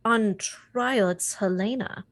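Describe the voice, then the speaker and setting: A woman's voice: mid-range voice, slow, no room sound. A woman playing a tabletop game, talking hesitantly with trailing starts. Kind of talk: casual tabletop game chat.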